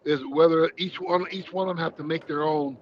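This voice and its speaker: A man's voice: on the high side, steady tone, fairly quick, highs cut off, slight background noise. Rambling man breaking down wrestlers. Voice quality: rambling, restarts often. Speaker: wrestling panel co-host. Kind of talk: casual sports chat.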